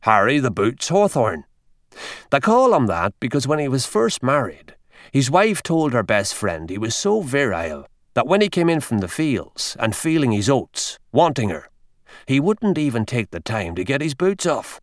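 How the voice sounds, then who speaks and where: A man voicing a gruff, burly older country doctor who growls and blusters, in an audiobook reading. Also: medium pitch, big pitch swings, normal speed, no echo, clean studio sound, close to an everyday voice.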